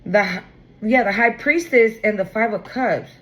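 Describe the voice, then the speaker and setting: A woman's voice: mid-range voice, moderate pace, rough recording. A woman giving a casual spoken tarot reading, talking bluntly with slang and free swearing. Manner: animated, acts out quoted voices. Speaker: tarot reader.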